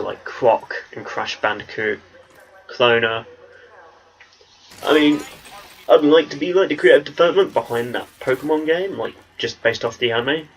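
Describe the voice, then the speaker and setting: A young man from England, speaking with an English accent at a medium pitch and a bit bright, rambles chattily while commentating on his gameplay as a gaming channel host. The audio quality is poor.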